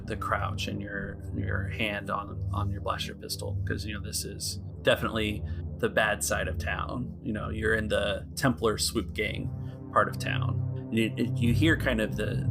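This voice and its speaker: A man serving as game master, narrating a tabletop game in a calm, measured way with frequent small restarts. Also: fairly low pitch, creaky.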